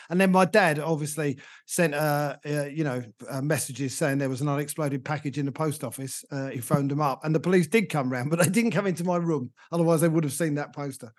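A man's voice: a little high, fairly quick, hardly any pauses. A man with a British English accent, co-hosting a podcast and telling rambling comic anecdotes with chuckles. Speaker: podcast co-host. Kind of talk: casual chat.

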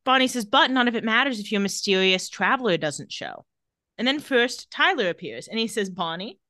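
A woman's voice: fairly high pitch, big pitch swings, brisk, bright, forceful tone, dry recording, studio quality. A woman co-hosting a podcast, casually recapping an episode and reading lines with wry asides. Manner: reads out dialogue with wry asides. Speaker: podcast co-host.

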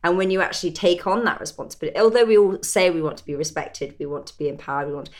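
A woman's voice: lowish voice, rapid-fire, darkish tone. A woman hosting a casual conversation, reflective and thinking aloud as she talks.

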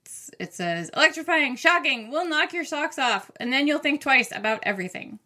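A woman co-hosting a casual book podcast, excited and playful as she talks about what she'll read next. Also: sits high, normal speed. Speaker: podcast co-host.

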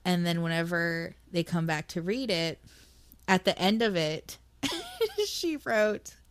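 A woman's voice: fairly low pitch, slow pace, clear, resonant tone, dry recording. A woman co-hosting a podcast, talking casually and emotionally about a book, swearing and laughing often. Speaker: podcast co-host.

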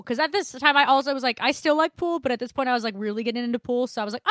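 A young woman telling a first-date story on a casual podcast, acting out every line of dialogue and swearing freely. Her voice sits a bit high, and the recording is dry and close. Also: rapid-fire, hardly any pauses, no echo. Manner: animated, swearing, acts out quotes. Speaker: podcast co-host.

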